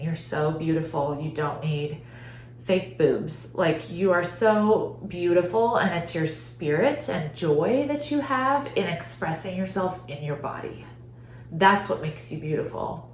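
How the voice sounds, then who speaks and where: A woman hosting a podcast, telling a personal story in an earnest, heartfelt way, often saying "like". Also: fairly low pitch. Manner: earnest, heartfelt, frequent "like" fillers. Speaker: podcast host. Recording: roomy echo with faint hum.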